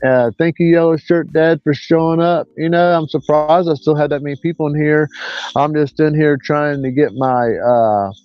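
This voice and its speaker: A man, rambling through a casual livestream chat as host in a folksy, drawn-out way. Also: fairly high pitch, steady tone, clean tone, no echo. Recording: dull lo-fi dry sound.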